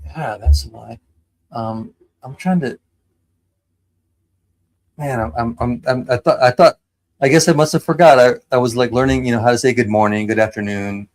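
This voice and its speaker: A man's voice: mid-range voice, moderate pace, pauses often. Stumbling, hesitant man chatting casually. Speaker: live stream host. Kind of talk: casual chat. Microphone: home streaming mic.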